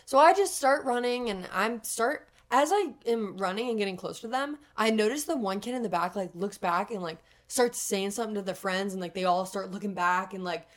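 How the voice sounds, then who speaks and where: Young woman, podcast co-host, casual storytelling, animated, salty language, filler-heavy. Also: mid-range voice, brisk, few pauses. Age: young adult. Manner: animated, swears freely, fills with "like".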